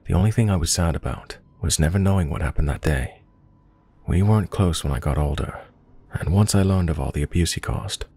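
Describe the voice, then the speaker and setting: Deep husky male horror narrator. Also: a little mellow. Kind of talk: scripted narration of a true scary story.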